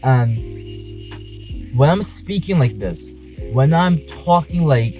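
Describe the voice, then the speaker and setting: A man's voice: medium pitch, animated, takes it slowly, mellow, faint music behind, poor audio. A man vlogging from inside a car, speaking passionately and emphatically, repeating his points. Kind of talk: talking to camera in a car.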